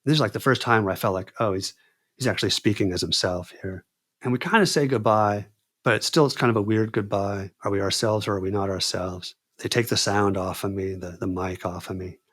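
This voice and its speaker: A man's voice: on the low side, fairly quick, breathy edge. A man telling a story as a podcast guest, acting out the people he quotes and talking casually with lots of "dude" and "man.". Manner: animated, acts out quoted dialogue; says "dude" and "man" often.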